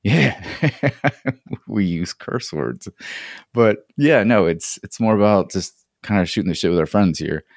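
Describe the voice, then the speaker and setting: A man hosting a relaxed podcast chat, easygoing and often repeating his first words. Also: lowish voice, unhurried, gravelly, no room sound, studio quality. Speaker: podcast host.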